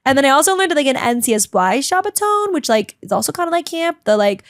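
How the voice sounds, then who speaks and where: Bubbly chatty young woman, high voice. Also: big pitch swings, fast talker, dry recording, studio quality. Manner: chatty and bubbly, heavy use of "like", dramatic; talks a lot, emotional. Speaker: vlogger. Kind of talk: casual storytelling vlog.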